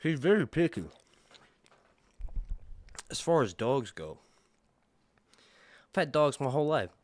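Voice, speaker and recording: Man hosting a casual stream, animated pitch, dead-dry close mic. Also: takes it slowly, dry recording. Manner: chatty, rambling, talks to his dog and viewers. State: out of breath. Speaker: livestream host. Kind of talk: casual livestream chat.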